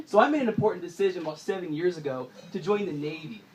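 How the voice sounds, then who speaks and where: A young man doing stand-up, telling stories in an animated way and often laughing through his lines. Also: high voice, fast, slight background noise, low-quality recording. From Southern California. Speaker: stand-up comedian. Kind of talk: stand-up storytelling.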